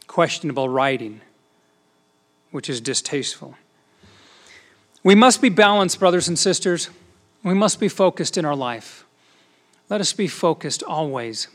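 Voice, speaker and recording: Middle-aged man, former reporter, preaching through a story; slightly high voice, goes from hushed to booming. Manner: storytelling, acts out dialogue, shifts between soft asides and loud emphasis. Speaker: speaker at a church gathering, former TV news reporter. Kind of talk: sermon-style personal story.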